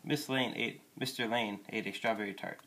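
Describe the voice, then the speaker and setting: A man reading a children's picture book aloud in a gentle, plain storytelling way. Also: on the low side, steady tone, moderate pace, gravelly. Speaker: reader.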